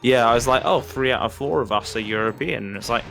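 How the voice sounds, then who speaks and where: A man's voice: mid-range voice, quick pace, vocal fry, fairly bright tone. Teasing man over game music. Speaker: co-commentator. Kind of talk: casual chat.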